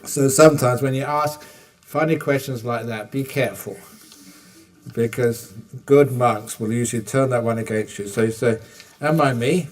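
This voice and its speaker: A man's voice: mid-range voice, fairly even intonation, normal speed. An older man gives a dharma talk in a retreat hall. He takes questions with humor and acts out little dialogues. The mic sits some distance from him, so his voice sounds a bit far off. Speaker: meditation teacher.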